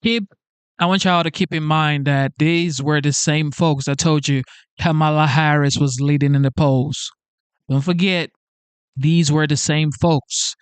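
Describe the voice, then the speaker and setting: A man commenting on the news to his viewers in a slow, emphatic way. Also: on the high side, fairly even intonation, smooth, no room sound. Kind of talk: video commentary.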